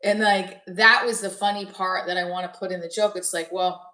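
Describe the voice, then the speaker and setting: Woman comic host, bright voice, rambling jokey delivery, roomy echo, a bit off-mic. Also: on the low side, steady tone, moderate pace. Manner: rambling, self-interrupting, jokey. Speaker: comedian hosting a livestream. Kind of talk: casual chat with live chat. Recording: echoey room, voice a bit far from mic.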